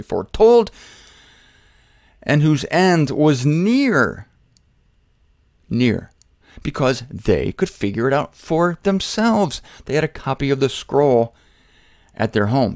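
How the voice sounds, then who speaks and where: A man teaching the Bible in an informal, conversational way, shifting between emphatic bursts and quiet asides and speaking straight to his listeners. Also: mid-range voice, no room sound, clean studio sound. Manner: conversational, jokey, addresses listeners directly. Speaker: preacher.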